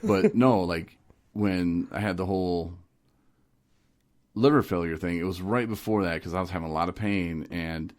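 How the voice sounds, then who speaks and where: A man with a very low, deep voice hosts a casual podcast. He tells stories in an animated, lively way, laughs often and slips into other voices as he goes. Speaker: podcast host. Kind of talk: casual recovery podcast chat.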